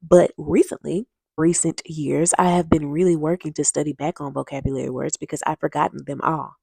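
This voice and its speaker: Low, gravelly woman giving blunt advice. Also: steady tone, a little fast, warm tone, no echo. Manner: direct, emphatic, urging; chatty storytelling, addresses viewers as y'all. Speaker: vlogger. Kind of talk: casual advice talk to camera.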